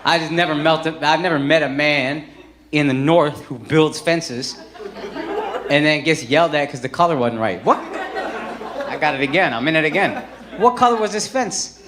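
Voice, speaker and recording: A male stand-up comedian doing brash, profane crowd work on a comedy club stage, swinging from teasing to shouted mock outrage. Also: fairly high pitch, moderate pace. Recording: roomy club sound with loud crowd laughter. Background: crowd laughter.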